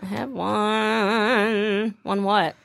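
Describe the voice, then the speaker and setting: A woman co-hosting a casual chat show, animated and playfully teasing. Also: mid-range voice, extremely slow, gravelly, no room sound. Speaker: podcast co-host.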